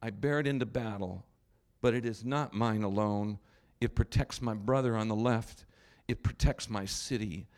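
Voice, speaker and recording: A man voicing a young Spartan soldier who declares his oath slowly and firmly, in a lowered voice. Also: darkish tone, lightly acted. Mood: solemn. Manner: slow, firm oath-like declaration. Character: young male Spartan soldier, solemn and resolute.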